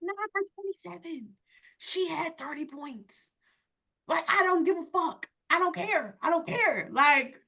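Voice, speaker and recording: A woman hosts a casual sports podcast chat in a high, bright voice. She talks emphatically and swears freely, with plenty of "like" fillers. Her tone is sharp and forward. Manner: emphatic, profane, frequent "like". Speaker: podcast host.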